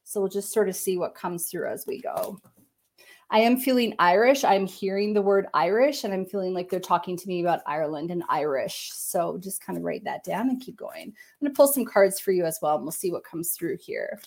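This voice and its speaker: A woman working as a medium, giving a gentle, meandering psychic reading on a live stream, with many fillers and hedges. She speaks into a computer. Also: lowish voice, a little fast.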